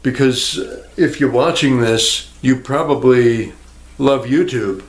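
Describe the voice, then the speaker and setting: A man's voice: medium pitch, slow pace. A man rambling casually to the viewer in a crude, self-mocking home vlog, recorded on a camera mic at home. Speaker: YouTuber. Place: indoors at home, near a fish tank. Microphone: camera microphone.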